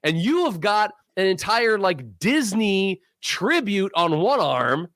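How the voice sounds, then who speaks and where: A man's voice: high-pitched, very animated, takes it slowly, a bit bright, no echo, clean studio sound. A middle-aged man co-hosting a podcast, ranting sarcastically in profane casual chat. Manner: ranting, sarcastic, swears a lot. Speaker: podcast co-host.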